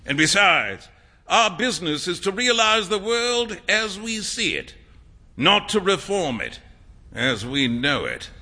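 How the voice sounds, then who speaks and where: A man reading a story aloud, voicing an amused, worldly young painter with a breezy, lively, laughing manner. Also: high voice, measured pace, full character voice.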